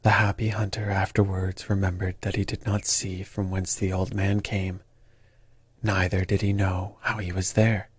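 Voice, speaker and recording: A man reads a calm bedtime story in a slow, soothing way. His voice is deep and husky, recorded close in a dry, dead space. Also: dry recording. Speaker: sleep story narrator.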